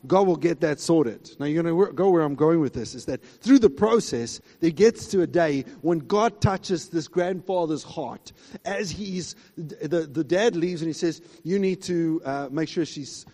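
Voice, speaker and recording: A man preaching a sermon emphatically, swinging between loud high exclamations and quiet asides. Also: a little slow, long reverb tail. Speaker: pastor.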